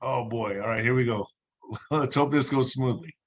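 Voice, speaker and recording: A man's voice: medium pitch, normal speed, background noise. A man hosting a podcast, chatting casually and affirming his guest. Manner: encouraging, affirming interjections. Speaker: podcast host. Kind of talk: casual interview chat.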